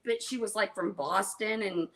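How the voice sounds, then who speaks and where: A woman's voice: mid-range voice, moderate pace, fairly bright tone. A woman chatting casually on a live stream, rambling and losing her train of thought. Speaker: co-host.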